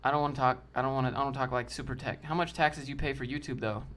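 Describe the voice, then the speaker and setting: A man's voice: medium pitch, steady tone, fast, a bit bright. A man hosting a casual livestream, answering chat in a loose, slangy way and calling people dude and bro.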